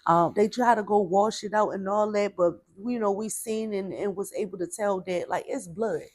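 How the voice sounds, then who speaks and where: A woman casually shares a childhood story as a personal testimony, chatty and peppered with "like" and "baby" while she vents her frustration. Her medium-pitched voice moves at a normal speed, slightly mellow, with no room sound.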